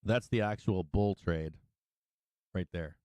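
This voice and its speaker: Middle-aged guy, low smooth voice, chatty stock stream host, laughs a lot and swears, dry close mic. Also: slow pace, darkish tone, no echo. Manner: laughing, sing-song chanting, swears freely. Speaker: stock market livestream host. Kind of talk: casual live trading commentary.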